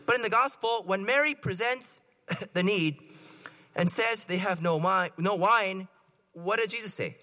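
A man's voice: high-pitched, unhurried, bright, forceful tone. A man, a priest, giving a playful sermon and quizzing the congregation with jokes. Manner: playful, joking and asking the congregation questions. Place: church. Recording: long hall reverb.

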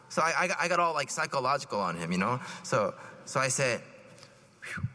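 A man's voice: medium pitch, sing-song, brisk, bright, forceful tone. A man, a priest, giving a conversational sermon full of anecdotes and acted-out quotes. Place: church. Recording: long reverb of a church.

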